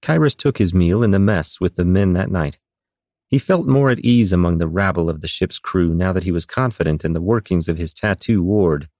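Deep-voiced male audiobook narrator. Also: normal speed, no echo, clean studio sound. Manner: steady, even storytelling delivery.

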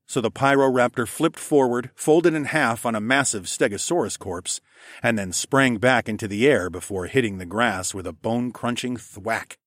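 A man narrating a first-person story in a steady, measured way. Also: mid-range voice, no echo, clean studio sound. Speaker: audiobook narrator.

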